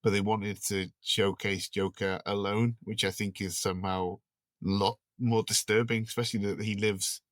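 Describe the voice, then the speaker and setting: Low-voiced man hosting a film chat. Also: little pitch movement, normal speed, dry recording. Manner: steers the discussion, laughs easily. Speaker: podcast host. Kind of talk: casual film-review chat.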